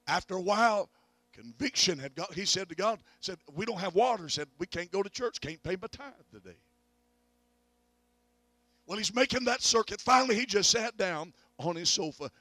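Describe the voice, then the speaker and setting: Middle-aged preacher guy at a church revival, kinda high voice, dry sound, gets loud on the big lines. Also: expressive, normal speed, no echo. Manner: preaching storyteller, swells loud on peaks of faith. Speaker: evangelist. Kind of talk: revival sermon.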